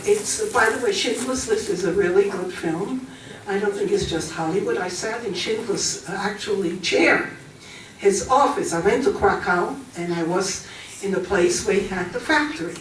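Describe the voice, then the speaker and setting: A woman in her eighties with a German accent, giving a talk to a college audience, chatty and pausing with fillers. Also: medium pitch. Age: 80s. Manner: warm, chatty, pauses with fillers. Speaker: guest speaker. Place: large college hall. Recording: echoey hall from far off, faint noise.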